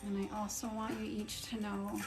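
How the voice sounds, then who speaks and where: A woman hosting a live guided meditation, speaking slowly and softly with blessings and breathing cues. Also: medium pitch, completely flat delivery, music in the background. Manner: slow, soft and soothing; gushing and giggly in farewells. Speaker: spiritual meditation host. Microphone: livestream phone or computer mic.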